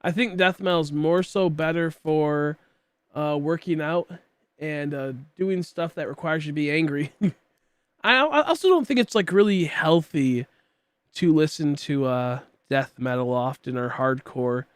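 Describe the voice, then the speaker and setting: A man's voice: fairly high pitch, a little slow, smooth, no room sound. A man in his late twenties chatting casually while streaming a game, rambling with many fillers and coughing now and then. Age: late 20s. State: coughing, throat tickly.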